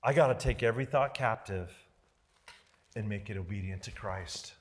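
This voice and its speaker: A male pastor preaching a sermon dramatically, swinging from loud declarations to hushed near-whispers. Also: fairly low pitch, moderate pace, big-room sound. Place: church sanctuary.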